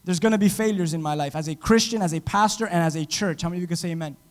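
High-voiced preaching man in a reverberant hall. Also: rapid-fire. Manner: dramatic, swings from loud to hushed, acts out quotes. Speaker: pastor. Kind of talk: sermon. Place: church.

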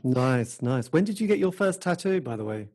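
Dark, husky British interviewer. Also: male voice, mid-range voice, normal speed. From United Kingdom. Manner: relaxed, prompting questions with short affirmations. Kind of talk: casual interview.

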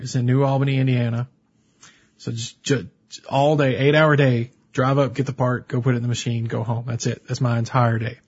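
A husky-voiced man chats casually as a podcast co-host, spinning out an anecdote with animated storytelling. His pitch sits in the middle range. The recording sounds dull and lo-fi. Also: brisk. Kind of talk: casual chat.

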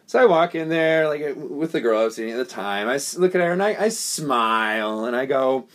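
A man's voice: a little high, brisk. A man co-hosting a podcast, telling a long story in a casual, profane way and acting out the voices of the people in it. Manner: profane, animated, acts out quoted voices. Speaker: podcast co-host.

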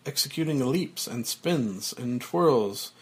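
A man reading a screenplay aloud, voicing stage directions in an unhurried way. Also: mid-range voice, expressive, breathy edge. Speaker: script reader.

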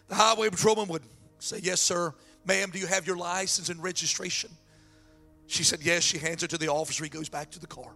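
Male pastor, strained throat, high gravelly voice, excitable storyteller. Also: fairly quick, soft background music. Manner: excitable, repeats words when building up. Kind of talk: sermon storytelling.

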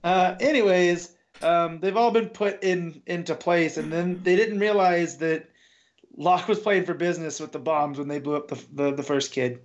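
Halting man, slightly high, lo-fi sound. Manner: halting, many fillers and restarts. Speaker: podcast co-host. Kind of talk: casual comic book discussion. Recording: dull lo-fi sound.

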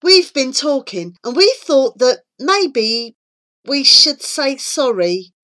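A bright, bossy schoolgirl from a children's storybook, patient and eager as she lays out her plans, voiced by a woman. Her voice sits high and bounces lively, delivered at an unhurried pace. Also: heavily acted. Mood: earnest. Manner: bossy and patient, explains things. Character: eager, earnest schoolgirl who makes plans.

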